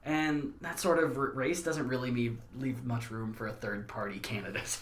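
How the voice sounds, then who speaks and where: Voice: mid-range voice, steady tone, normal speed, reverberant. A podcast host reading a history segment, breaking into wry, joking asides. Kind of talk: scripted history narration mixed with casual chat.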